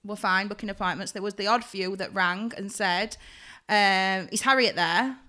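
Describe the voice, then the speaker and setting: Woman, young adult, bright, animated, casual podcast chat. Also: medium pitch, normal speed. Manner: animated storyteller, acts out quotes. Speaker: podcast co-host, hairdresser.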